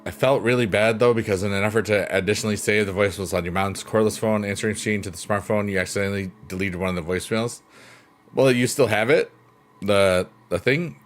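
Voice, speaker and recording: A man's voice: lowish voice, quick pace. A man hosting a casual live stream, chatting with viewers and joking in a goofy, playful way. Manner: goofy, playful, jokes and laughs a lot. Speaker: livestream host. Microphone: close desk microphone. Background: soft guitar music.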